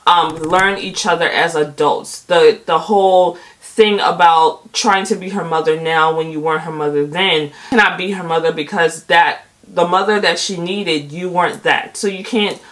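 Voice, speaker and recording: Chatty woman recapping a show, low-pitched. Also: steady tone, normal speed, few pauses, a bit bright, low-quality recording. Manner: chatty, emphatic, quotes people with feeling. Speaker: video host recapping a TV episode. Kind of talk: casual recap commentary.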